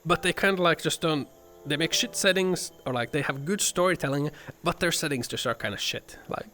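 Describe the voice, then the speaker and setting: A man's voice: on the high side, fairly quick, bright, forceful tone. A man streaming, ranting casually with lots of swearing and filler words. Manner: rambling, profane, fillers "like" and "man". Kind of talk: casual chat.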